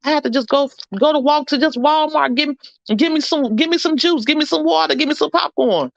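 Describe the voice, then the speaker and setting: A higher-pitched woman with a gravelly edge swings her voice up and down as she preaches a comic motivational talk to her channel, blunt and full of slang. The sound is dull and lo-fi, dry and close with no room around it. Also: a little fast, no echo. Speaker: vlogger on her own channel. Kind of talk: motivational live-stream chat.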